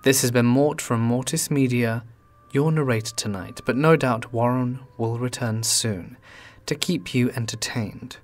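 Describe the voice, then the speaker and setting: Hushed male horror narrator. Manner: low, hushed and drawn-out delivery.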